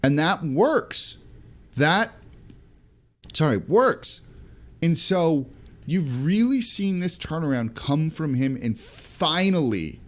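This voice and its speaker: A man hosting a solo sports podcast, talking through basketball news in an energetic, conversational way with quick asides. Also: a little high. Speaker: podcast host.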